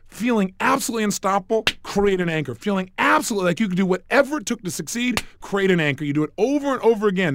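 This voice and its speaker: A middle-aged man giving a punchy, emphatic motivational talk as a coach-like speaker. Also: sits high.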